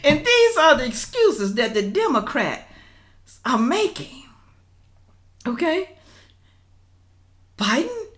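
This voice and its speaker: A woman hosting a reaction channel, commenting casually and talking straight to her viewers. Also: very high voice. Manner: animated, talks straight to viewers as "y'all".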